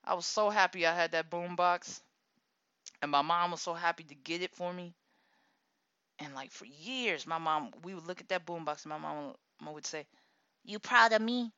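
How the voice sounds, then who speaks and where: A woman in her thirties telling a personal story in a casual, animated way, laughing often and acting out the people she quotes. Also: on the low side, normal speed, smooth, dry recording. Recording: dull lo-fi dry recording.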